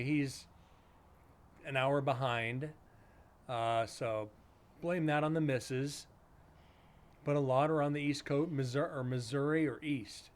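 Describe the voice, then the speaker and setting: A man streaming live, chatting casually with viewers in a blunt, sarcastic way and swearing freely. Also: medium pitch.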